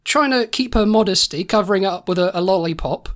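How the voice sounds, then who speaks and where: A woman's voice: mid-range voice, quick pace. A woman co-hosting a comedy podcast, telling an improvised story in a rambling, laughing way. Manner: rambling, laughing, many restarts. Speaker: podcast co-host.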